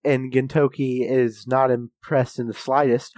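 A man who is a guest on a podcast, retelling story events with steady, dry humor. His mid-pitched voice is recorded close and dead, with no room sound. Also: a little slow, dry recording. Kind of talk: casual chat.

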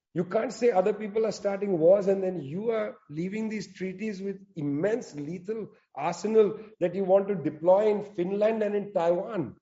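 A man's voice: sits high, warm tone, lo-fi sound. Fiery man giving a political talk. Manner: fiery, emphatic, sarcastic asides. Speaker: speaker at a public talk. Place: in South Africa.

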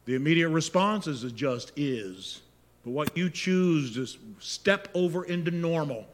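A man preaching a sermon as pastor, moving between hushed, intimate prayer and loud, impassioned exhortation. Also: on the high side, lively intonation, measured pace. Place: church sanctuary. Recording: long reverb of a large hall.

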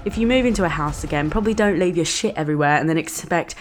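A woman's voice: sits low, quick pace, a little hiss or hum. Brash, sweary young woman. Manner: brash, sweary, animated storyteller. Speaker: podcast host. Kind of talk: casual storytelling monologue.

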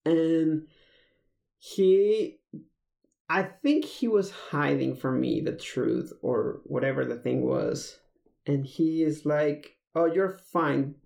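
Casual storyteller; dark, gravelly tone, loose and rambling, recorded in an echoey room. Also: mid-range voice, slow. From Mexico. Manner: rambling, many fillers and restarts. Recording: roomy echo.

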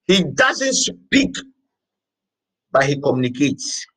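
A man preaching a sermon as pastor, emphatic, repeating phrases and shouting out words now and then. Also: mid-range voice, big pitch swings, slow, low-quality recording.

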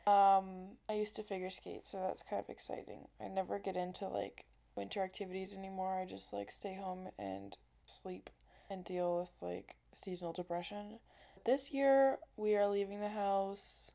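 A woman's voice: mid-range voice, moderate pace, creaky, mellow. A young adult woman hosting her own podcast, talking in a casual, rambling way with lots of "like" and the odd swear word. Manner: chatty and rambling, heavy use of "like", casual swearing. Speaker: podcast host. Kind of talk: casual solo podcast chat.

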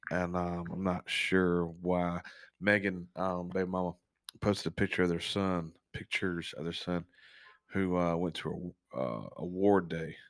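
A man hosting a casual podcast, telling a personal story in a halting, candid way with frequent swearing. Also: low voice, fairly even intonation, no echo, clean studio sound. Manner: works as an on-call technician, speaks plainly about long shifts. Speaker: podcast host.

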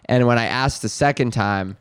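A man's voice: mid-range voice, moderate pace, smooth, no room sound. Podcast host, male, loose self-mocking storyteller, dry sound. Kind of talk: casual chat.

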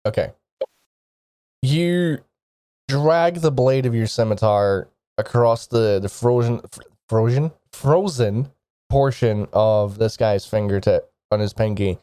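A man narrating a tabletop game as game master, in a measured, descriptive way. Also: medium pitch, warm tone, smooth, no room sound, clean studio sound.

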